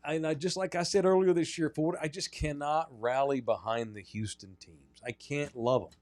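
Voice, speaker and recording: A man's voice: a little high, moderate pace, a little mellow, no echo. A man from North Texas, hosting a casual sports podcast and ranting emphatically as he tells stories. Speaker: podcast host.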